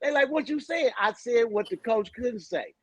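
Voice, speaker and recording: Podcast co-host, male, high pitch, dry close sound, brash storyteller. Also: animated, normal speed, no echo. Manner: loud, profane storyteller acting out quotes. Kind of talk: casual podcast chat.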